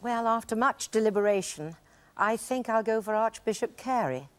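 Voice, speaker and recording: A woman's voice: a little high, lively intonation, normal speed. A woman playing as a quiz show contestant, polite and hesitant in her answers. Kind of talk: game show contestant chat. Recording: TV broadcast with background noise.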